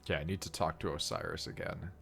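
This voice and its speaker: A man streaming a video game, chatting casually, animated and laughing as he mimics characters. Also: rumbling low, quick pace, faint music behind. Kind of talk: casual gameplay chat.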